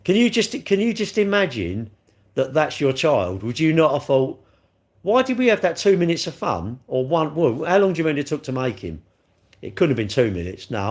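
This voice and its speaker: A man rambling and joking as he answers chat comments on a live stream. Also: medium pitch. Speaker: livestreamer reading chat.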